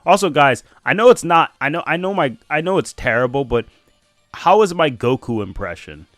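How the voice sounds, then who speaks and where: A man's voice: a little high, lively intonation, moderate pace, fairly bright tone, no room sound, faint music behind. A man casually chatting on a live stream while reading and analysing comics, laughing often.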